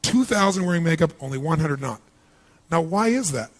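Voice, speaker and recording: A man giving a live motivational seminar, energetic and punchy, constantly quizzing the audience with questions. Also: on the high side, fairly quick. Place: large seminar hall with thousands present.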